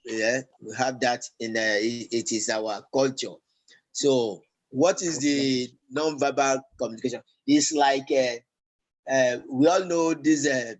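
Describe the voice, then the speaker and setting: A man teaching a language lesson, talking slowly and haltingly, with many fillers and repeated words. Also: mid-range voice, steady tone, rough recording. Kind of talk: classroom lesson.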